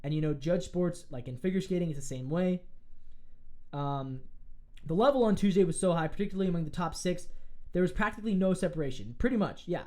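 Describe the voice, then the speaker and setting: A sports podcast host giving casual, opinionated commentary in quick bursts, often restarting sentences. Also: mid-range voice, darkish tone.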